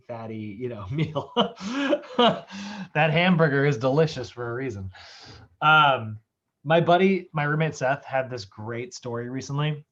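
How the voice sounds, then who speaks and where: A male fitness nutrition instructor lectures casually over a video call, his voice at a middle pitch. He talks in a loose, chatty way with many fillers and laughs often. The audio is dull and lo-fi. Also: a bit bright.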